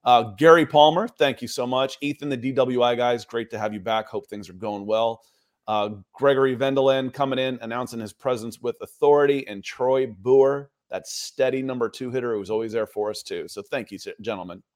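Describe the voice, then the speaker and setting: A man's voice: mid-range voice, fairly quick. A man co-hosting a casual sports podcast, friendly, reading out supporters' names. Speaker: podcast co-host.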